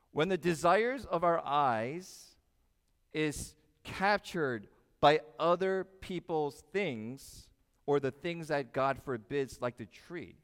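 A male pastor preaching a sermon with lively rhetorical questions, swinging between loud emphasis and quiet asides. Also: medium pitch. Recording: echoey hall with long reverb.

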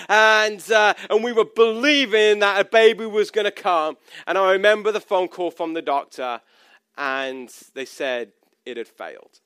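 A man's voice: high-pitched, fairly bright tone, clear, resonant tone, dry recording, clean studio sound. A pastor in his thirties preaching a personal, conversational sermon, often restarting his sentences.

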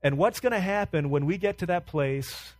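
A man preaching a sermon as pastor, impassioned and full of rhetorical questions, sometimes dropping low and quiet. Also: moderate pace, dry recording.

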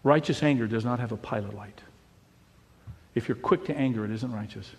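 A middle-aged man, a pastor, preaching a sermon in an animated way, dropping to a hush and then rising to a shout. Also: mid-range voice, brisk, big-room sound. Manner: animated preaching, swinging between hushed and shouting.

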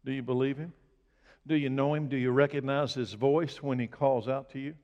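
A male pastor preaching a sermon, asking his congregation direct questions and building to emphatic, loud bursts. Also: mid-range voice, steady tone, brisk, dull audio. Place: church sanctuary. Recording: long reverb of a large hall.

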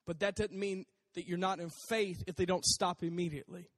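Male preacher, high-pitched and conversational; casual sermon in a reverberant hall. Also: a little fast. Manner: conversational, animated, acts out voices.

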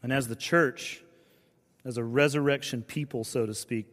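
A male pastor preaches in an earnest, conversational way, often sinking into hushed, low phrases. His voice sits at an ordinary pitch for a man. A long reverb from a large church space trails each line. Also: steady tone, moderate pace. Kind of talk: sermon.

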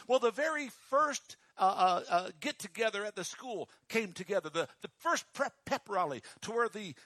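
A man preaching a sermon in a dramatic style, dropping to a hush and then rising to a shout. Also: very high-pitched, no echo, studio quality. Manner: dramatic, swings from hushed to shouting.

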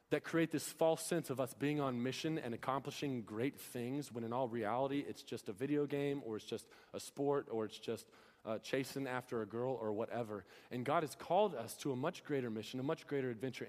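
A young man preaching a sermon in a church, earnest and pressing his listeners with rhetorical questions. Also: medium pitch. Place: church hall. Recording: long hall reverb.

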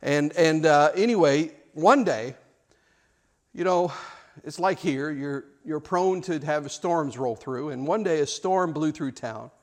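A man's voice: fairly high pitch, slow pace. A man preaching a sermon, telling stories with restarts and rhetorical questions. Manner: storytelling with repeated words and rhetorical questions. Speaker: pastor.

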